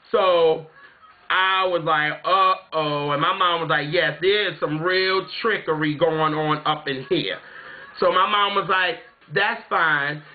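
Through tinny, phone-like audio, a man from South Carolina who runs a music vlog chats casually to viewers at a normal speed, his voice sitting high. He rambles through a story, repeatedly tossing in "you know what I'm saying."

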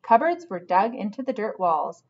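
A woman teacher reading a novel aloud, pausing patiently to guide her listeners. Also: mid-range voice, very animated, darkish tone, slightly rough, lo-fi sound. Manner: patient, instructive. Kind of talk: storybook read-aloud with asides to students.

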